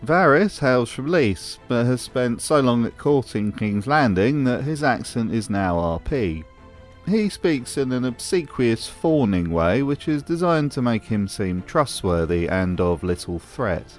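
A man's voice: mid-range voice, lively intonation, measured pace, soft background music. A man hosting a scripted commentary video, with a wry, sarcastic manner. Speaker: host.

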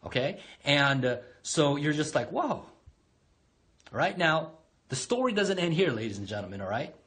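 A motivational speaker retells a childhood fable in an animated, conversational way. His voice sits at a middle pitch, and he checks in with the listener again and again. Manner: animated, with repeated "right?" asides. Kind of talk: motivational storytelling.

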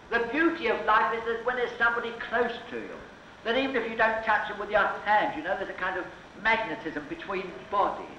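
A man's voice: sits high, bright, forceful tone, a little hiss or hum. A man orating on a soapbox to an outdoor crowd, provocative and hectoring, trading jabs with hecklers. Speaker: soapbox orator. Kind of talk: open-air street oratory to a crowd. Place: outdoor speakers' corner before a crowd. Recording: dull echoey 1970s documentary sound.

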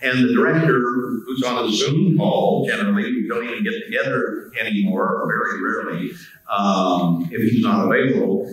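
A man's voice: lowish voice, moderate pace. Easygoing older man in an echoey hall. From United States. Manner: easygoing, chatty, self-deprecating. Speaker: panel guest voice actor. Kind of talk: relaxed anecdotal storytelling. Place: convention panel room. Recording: echoey convention hall, distant mic.

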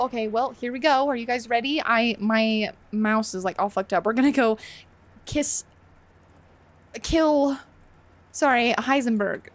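A woman's voice: sits high, a little slow, no room sound. A woman live-streaming a game, chatting to viewers, swearing freely and laughing often.

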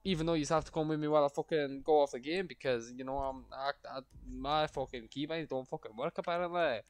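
A young man streaming a game, swearing constantly and breaking into shouted rants. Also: on the high side, fast talker. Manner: foul-mouthed, ranting, erupts into shouting. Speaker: gaming streamer. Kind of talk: casual gameplay commentary.

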